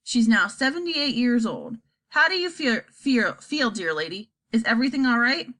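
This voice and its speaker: A woman voicing an eccentric, chirpy male candy maker in an audiobook, brisk and theatrical. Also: a little high, big pitch swings, fairly bright tone. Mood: breezy.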